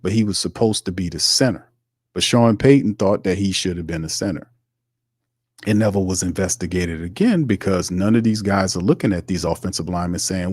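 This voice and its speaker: A man's voice: on the low side, brisk, darkish tone, no room sound, clean studio sound. A man hosting sports commentary, ranting heatedly and repeating his points. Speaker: host.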